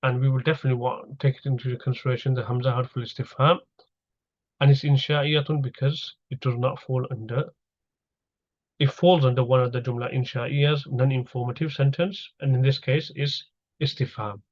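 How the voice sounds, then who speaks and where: A man's voice: mid-range voice, steady tone, moderate pace, darkish tone. Man patiently teaching grammar, slightly dull sound. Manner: patient, explains step by step, repeats key terms. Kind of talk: recorded grammar lesson.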